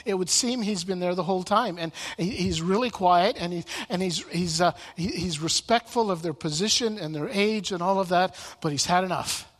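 A man's voice: high voice, moderate pace, few pauses. A man teaching from the Bible in sermon style. He often repeats words and restarts his sentences. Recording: long reverb in a large room.

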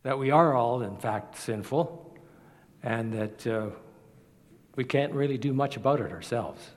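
A man preaches with steady, earnest conviction and slips into the voices of the people in his stories. His voice sits at an ordinary middle pitch. A long reverb trails every phrase, as in a large church hall. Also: measured pace. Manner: earnest, storytelling with acted quotes. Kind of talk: sermon.

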